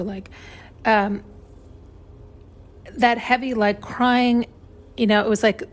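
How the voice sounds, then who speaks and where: Rambling woman, close to tears. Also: medium pitch. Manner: rambling, emotional, many fillers and restarts. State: choked up, on the edge of tears. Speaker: podcast host. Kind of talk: casual spiritual monologue.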